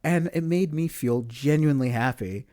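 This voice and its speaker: A man hosting a podcast, telling a personal story in a casual, animated way and laughing between lines. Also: on the high side, moderate pace. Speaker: podcast host.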